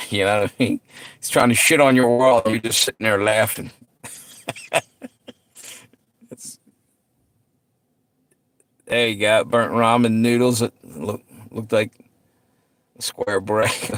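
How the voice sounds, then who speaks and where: Chatting easily with his viewers, this middle-aged livestream host tells stories in a laid-back way, laughing a lot and cursing freely. His mid-range voice has a fairly bright tone on a dry recording.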